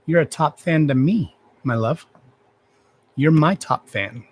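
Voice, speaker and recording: A man's voice: on the high side, slow pace, breathy edge. A man hosting a casual livestream, talking to his viewers bluntly and with lots of swearing while gushing over them. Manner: blunt, profane, affectionate toward viewers. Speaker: livestream host.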